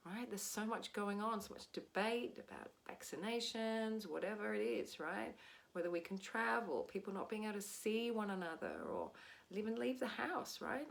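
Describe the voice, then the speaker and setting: An Australian woman giving a soft, gentle spiritual talk as a teacher. She often checks in with "right?". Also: mid-range voice, lively intonation, normal speed, vocal fry.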